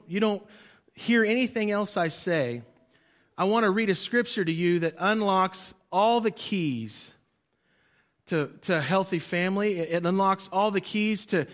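A male pastor with a high voice preaches a sermon, swinging from loud emphasis to quiet drops. He leads the congregation in call-and-response, having them repeat lines after him.

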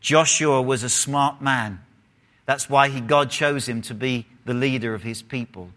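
A man preaching a sermon to a congregation, with dramatic pauses, sudden emphasis and questions put to the listeners. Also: medium pitch, a bit bright. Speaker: pastor.

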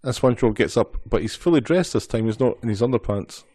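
A man's voice: mid-range voice, lively intonation, fast, warm tone, slightly rough, no echo, clean studio sound. A man co-hosting a podcast, chatting casually in a wry, matter-of-fact way. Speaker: podcast co-host. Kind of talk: casual chat recapping a cartoon episode.

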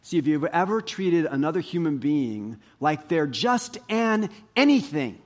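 Pastor guy preaching, bit high voice, gets loud then drops way down. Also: unhurried. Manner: animated, rising to emphatic highs and dropping low. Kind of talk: sermon.

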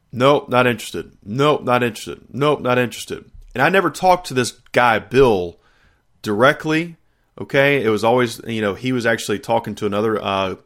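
A middle-aged man, hosting a faith podcast and telling a personal testimony in an animated, storytelling way with frequent laughter. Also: medium pitch. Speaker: podcast host.

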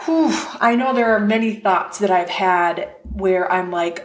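A woman life coach hosts her own podcast from her office. She speaks at an unhurried pace in a mid-range voice. Her delivery is gentle and reflective, and she repeats key phrases to drive them home. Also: mid-range voice. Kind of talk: solo podcast monologue.

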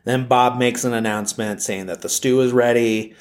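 A man's voice: medium pitch, fairly even intonation, normal speed. A man casually retelling a film's plot, rambling with lots of fillers. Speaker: film plot recapper.

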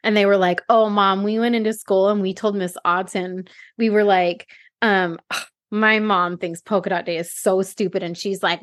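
A woman, co-hosting a casual chat and acting out quotes with big jumps in pitch. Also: steady tone, moderate pace. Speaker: podcast co-host.

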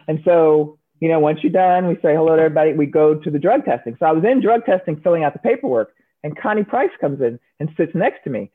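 A woman's voice: low voice, quick pace, slightly rough. A woman, a former Olympic shot putter, telling stories in an interview and acting out the voices of the people in them. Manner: animated storyteller, acts out quoted voices. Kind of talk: storytelling interview answers. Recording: narrow phone-like sound.

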